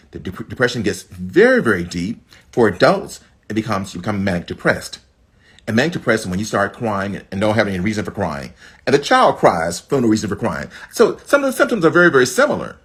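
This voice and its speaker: A man teaching a livestream class on mental health, talking straight to his audience and jumping up in pitch to stress his points. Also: slightly rough. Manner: animated, leaps up in pitch to stress points, addresses the audience as folk.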